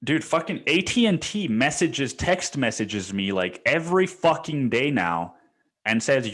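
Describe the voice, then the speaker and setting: A man's voice: mid-range voice, very animated, measured pace, fairly bright tone. A young man hosting a solo podcast, telling a story in a rambling, profane way with many restarts and fillers. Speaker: podcast host. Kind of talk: casual solo podcast monologue.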